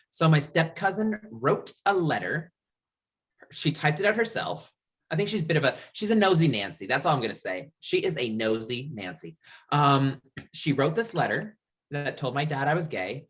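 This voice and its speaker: Animated man telling a personal story. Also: mid-range voice. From Niagara region, Canada. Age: 30s. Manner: animated storyteller, acts out quoted voices, laughs often. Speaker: guest. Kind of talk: coming-out story told in interview.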